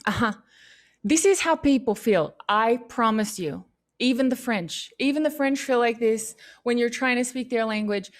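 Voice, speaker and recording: A woman speaking at a youth leadership session, answering questions in an animated, chatty and encouraging way. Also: on the high side, moderate pace. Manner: animated, chatty, lots of "like" and "you know"; encouraging and upbeat.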